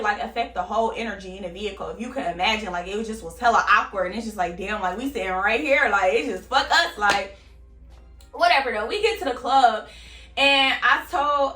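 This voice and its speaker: A woman's voice: a little high, bright, forceful tone, distant mic. A young woman vlogger telling a candid, casual story and swearing freely. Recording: roomy, off-mic, faint music.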